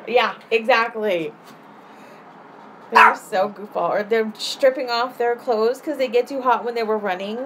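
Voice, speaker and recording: A woman's voice: on the high side, unhurried, background noise. Giggly woman streaming from her phone. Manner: giggly, laughs often. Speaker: live-stream host. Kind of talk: casual live-stream chat. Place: home apartment. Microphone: phone held up.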